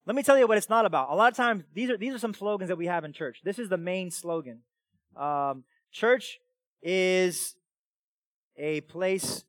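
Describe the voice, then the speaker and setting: A man preaching a sermon as pastor, animated and emphatic, dropping into quiet asides between loud passages. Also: high voice, no echo.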